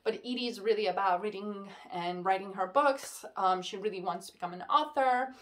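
A woman talks through her month's reading in a loose, chatty vlog review. She gets worked up and rants, with "like" scattered all through her talk. Her voice sits at an ordinary middle pitch. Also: moderate pace. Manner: excitable, ranting, heavy use of "like". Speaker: book reviewer. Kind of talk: casual book wrap-up vlog.

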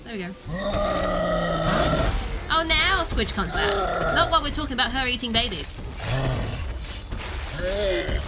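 A woman streamer giving casual gaming commentary, giggly and excitable, often breaking into shrieks. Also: very high-pitched. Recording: noisy stream audio.

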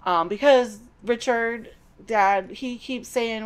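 A woman's voice: mid-range voice, a little slow. A middle-aged woman hosting a podcast, giving a chatty, digressive recap of a novel with personal asides. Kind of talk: casual book recap.

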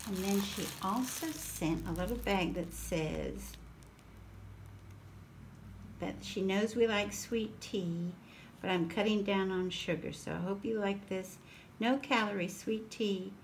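Slow, gushing woman. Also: mid-range voice, slight background noise. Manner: gushing, exclaims over each item. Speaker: craft channel host. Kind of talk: casual unboxing chat.

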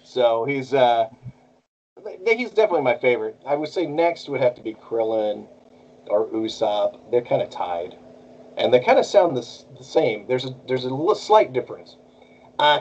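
A man's voice: medium pitch, moderate pace, highs cut off, slight background noise. A man who voices cartoons, chatting casually as an interview guest and jumping between bits of character voices. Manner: animated, jumps into character voices. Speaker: voice actor guest.

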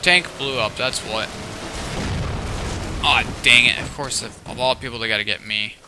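A man's voice: medium pitch, normal speed. A young man giving casual commentary over his own online match, often exclaiming in frustration at lag and other players. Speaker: gaming channel host. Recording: faint game noise behind voice.

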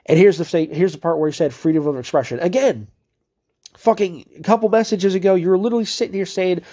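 A man with a somewhat high but mellow, dark-toned voice delivers angry commentary on chat messages he reads out. He rants hard and swears constantly, with the heat of a video creator calling someone out. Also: quick pace. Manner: heated, profane, ranting.

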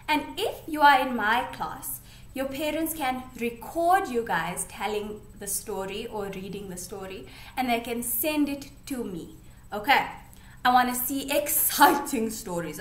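A fairly high-voiced woman teaches young children from home in a slow, sing-song way. She asks them simple questions and answers them herself, patient and encouraging. Her voice bounces around an echoey room. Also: fairly bright tone. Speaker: grade one teacher.

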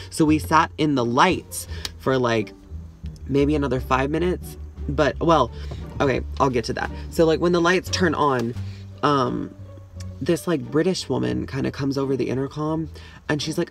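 A man's voice: medium pitch, normal speed, creaky, soft background music. Fields: A man vlogging from a car, telling a story in a rambling way full of "like". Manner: rambling, full of "like", laughs often. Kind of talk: casual storytelling. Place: inside a parked car.

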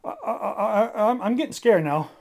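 A woman voicing a boastful, excitable male bird leader in a toy play-acting video, loud and giggly. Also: lowish voice, slow, full character voice. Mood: nervous squealing.

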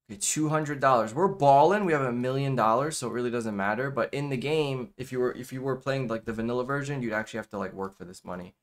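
A man's voice: mid-range voice, quick pace, hardly any pauses. A man giving casual let's-play commentary, rambling with lots of fillers and repeated "okay.". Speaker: gameplay commentator.

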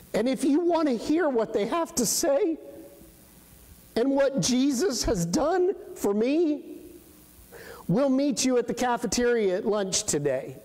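A man's voice: very high-pitched, dark tone, voice pushed up, full character voice. Preacher doing a frazzled sleepless young woman, urgent and pleading, churchy echo. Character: distraught sleepless young woman student leader.

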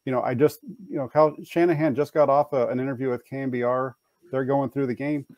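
A man on a sports talk panel, thoughtful and a little halting. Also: mid-range voice, fairly even intonation, no room sound, muffled recording.

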